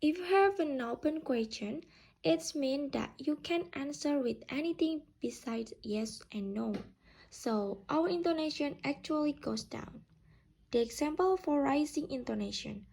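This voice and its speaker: A woman teaching pronunciation, explaining slowly and modeling example phrases with exaggerated rises and falls. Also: high voice, lively intonation, gravelly, darkish tone. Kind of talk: slow, careful classroom explanation.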